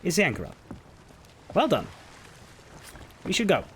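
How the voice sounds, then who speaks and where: A man's voice: on the high side, wildly swooping pitch, measured pace, a bit bright, a little hiss or hum. A man streaming a game, commenting casually with exasperated, swearing jokes.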